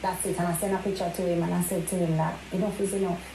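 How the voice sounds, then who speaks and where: A woman's voice: fairly low pitch, level tone, quick pace, echoey room, background noise. A woman with a Jamaican accent, a guest in an interview recounting her own experience and mixing patois into her English. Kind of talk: personal account in an interview.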